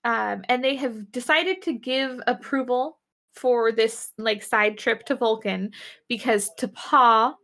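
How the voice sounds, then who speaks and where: A woman's voice: fairly high pitch, slow pace, vocal fry, a bit bright. A woman casually recapping a TV episode as a podcast co-host, telling it animatedly with acted quotes.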